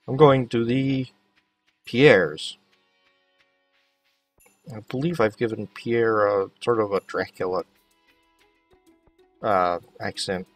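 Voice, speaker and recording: A man's voice: on the low side, slow pace, pauses often, recorded from a distance, faint music behind. A man giving casual gameplay commentary, chatting to the characters as he plays. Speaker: let's play host.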